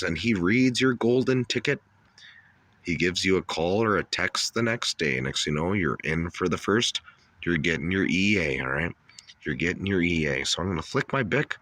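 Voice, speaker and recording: A man hosting a comedy skit, high on cannabis and ranting in a rambling, profane way with loud outbursts. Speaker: host. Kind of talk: stoned comedy rant.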